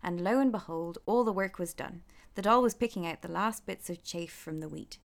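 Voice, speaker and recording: Woman storyteller with a lower voice, relaxed and chatty between passages. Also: normal speed, gravelly. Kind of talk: reading a folk tale aloud with chat.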